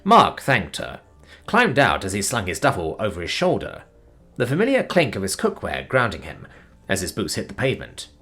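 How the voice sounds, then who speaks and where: A man with a low, husky voice reads an audiobook story aloud. His pitch swings widely and expressively from line to line. The delivery is steady narration. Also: normal speed, faint music behind.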